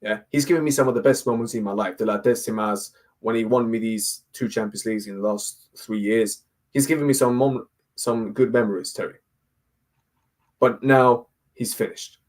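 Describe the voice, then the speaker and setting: A man's voice: on the low side, fairly even intonation, normal speed. A man ranting as a football fan guest, repeating himself and asking "yeah?" over and over. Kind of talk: heated fan rant.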